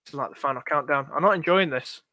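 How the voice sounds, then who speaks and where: Bright-voiced man streaming live. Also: a little high, fast talker, no room sound, clean studio sound. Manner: thinking aloud, anxious and chatty, talking to chat. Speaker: fantasy football streamer. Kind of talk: live stream chat with viewers.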